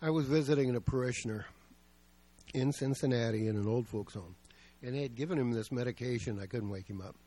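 A man's voice: medium pitch, a little fast, dark tone, dry recording. A male pastor preaching a sermon, telling stories in a plain, conversational way.

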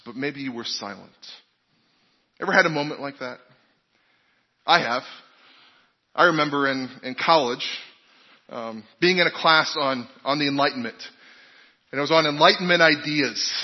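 A man's voice: on the high side, breathy edge. A man preaching a sermon in a conversational way, asking the congregation questions and telling personal stories. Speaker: pastor. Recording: dull recording with long hall reverb.

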